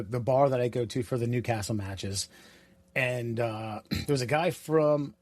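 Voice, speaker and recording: A man co-hosting a podcast, talking in loose, profane, rambling chat that keeps leaping up in excitement. His pitch sits in the middle for a man. The sound is dry and close, with no room around it. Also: dry recording. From United States. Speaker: podcast co-host. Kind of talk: casual chat.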